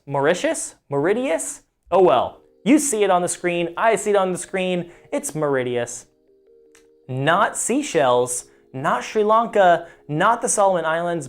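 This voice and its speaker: A man hosting a live trivia game stream, chatty and self-mocking, stumbling over place names as he reads the questions. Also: fairly high pitch.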